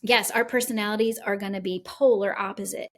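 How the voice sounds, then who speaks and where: A woman's voice: mid-range voice, steady tone, fairly quick. A woman co-hosting a podcast who talks in an effusive, openly emotional way during casual conversation. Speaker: podcast co-host.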